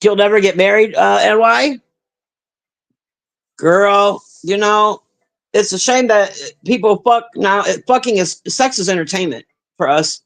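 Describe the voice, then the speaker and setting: A woman with a medium-pitched voice and vocal fry takes her time, reading chat in a casual livestream rant. Blunt and foul-mouthed, she speaks directly to viewers and sighs between points.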